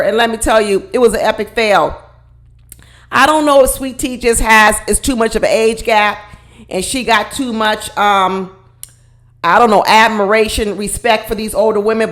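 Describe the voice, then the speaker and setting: A woman giving a casual vlog review of a reality TV show, talking straight to her viewers in a blunt, emphatic, colloquial way. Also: fairly high pitch.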